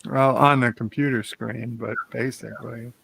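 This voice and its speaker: A tired, sleepy man chatting casually on a morning show, speaking haltingly with many pauses. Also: mid-range voice, fairly even intonation, creaky, a bit bright, husky.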